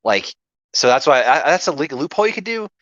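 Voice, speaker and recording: A man's voice: a little high, very animated, fast, a bit bright, no room sound, highs cut off. A man in casual podcast chat, rambling with many fillers and frequent swearing. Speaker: podcast guest. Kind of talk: casual chat about roleplay.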